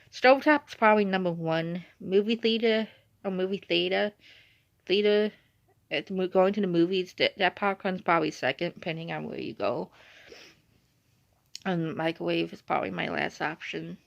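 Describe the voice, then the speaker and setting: Young woman vlogger, low and gravelly, chatty rambler, dry dull phone-quality sound. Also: no echo. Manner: rambling, uses "like" a lot. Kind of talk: casual chatty storytelling. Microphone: phone or device screen.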